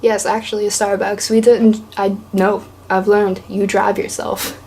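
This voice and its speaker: A woman's voice: mid-range voice, level tone, unhurried, dark tone, a little hiss or hum. A young woman from East Tennessee telling a rambling, chatty story to camera, peppered with "like". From East Tennessee, USA. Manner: chatty, rambling, heavy use of "like". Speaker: vlogger.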